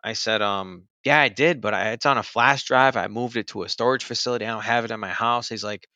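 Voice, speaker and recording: Brisk and forceful, this medium-pitched man sounds bright while casually telling a personal tale, conversational and thick with fillers like "like" and "you know." The recording is dry.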